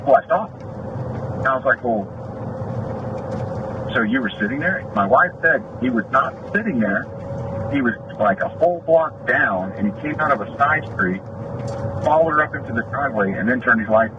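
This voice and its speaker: A man's voice: mid-range voice, expressive, normal speed, far from the mic. Middle-aged man, deputy making a complaint, indignant and aggrieved, dull noisy dash cam audio. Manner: aggrieved, indignant, acts out both sides of a quarrel. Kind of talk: heated retelling of a traffic stop.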